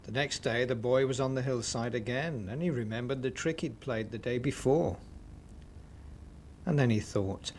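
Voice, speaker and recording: A man narrating a children's story expressively, with dramatic pauses. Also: medium pitch, a little hiss or hum.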